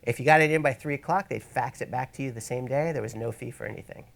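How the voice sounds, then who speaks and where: Male workshop presenter, gravelly mid-range voice, relaxed teaching tone with wry rambling asides. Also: medium pitch, quick pace. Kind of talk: casual instructional talk. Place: event space, in front of an audience.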